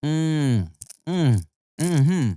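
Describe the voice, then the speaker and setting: Man, food podcast host, eats and talks at once, bawdy humor, lively swinging pitch, dry close sound. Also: extremely slow, no echo. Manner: crude, jokey, laughs often; talks through mouthfuls of food. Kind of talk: casual food podcast chat.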